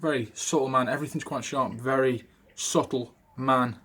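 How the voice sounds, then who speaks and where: A man putting on a deep-voiced man with a New York accent, speaking from the chest with uneven, up-and-down phrasing. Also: fairly even intonation, normal speed, bright, forceful tone, breathy edge. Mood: deliberate.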